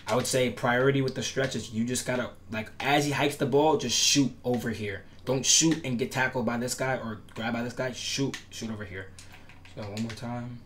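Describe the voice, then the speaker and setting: A man's voice: medium pitch, steady tone, normal speed, fairly bright tone, a little hiss or hum. A man explaining defensive setups in a casual gameplay tutorial, emphatic and repetitive, his voice cracking at times. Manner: instructive, repetitive, emphatic promises. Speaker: gaming tutorial creator.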